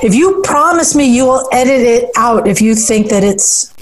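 A woman's voice: fairly high pitch, lively intonation, normal speed, crowd noise, poor audio. A woman in a casual podcast chat, hesitantly setting up and telling crude jokes. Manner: hesitant, repeats words before a punchline.

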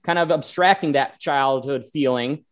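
Male host, casual panel chat, mid pitch, loose and rambling delivery. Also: moderate pace. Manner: animated, rambling with fillers.

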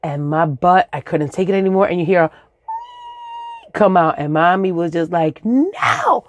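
Animated New woman telling a story. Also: lowish voice, normal speed. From Brooklyn, New York. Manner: animated, profane, acts out voices in shrieks. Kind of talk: comic personal storytelling.

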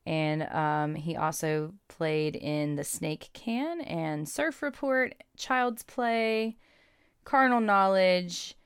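Low-voiced woman podcast co-host, smooth and dry. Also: lively intonation, slow, no echo. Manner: chatty, rattles off lists. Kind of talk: casual chat about a movie.

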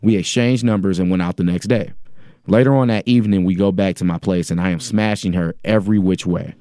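Low-voiced man reading on a podcast. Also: fairly even intonation, brisk, mellow, clean tone, dry recording, studio quality. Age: 40s. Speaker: podcast host reading a listener letter. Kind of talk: casual podcast chat, reading a letter aloud.

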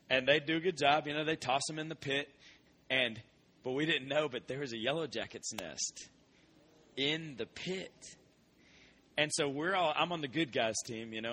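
A man's voice: medium pitch, slight background noise. A young man preaching a sermon, telling stories and acting out voices with lots of energy. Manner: animated storytelling, acts out voices.

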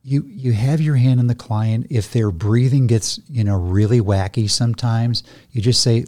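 An older man with a gentle, reflective manner, explaining his therapy practice in a conversational interview. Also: mid-range voice, normal speed. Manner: gentle, reflective, restarts phrases. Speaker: guest, somatic therapist.

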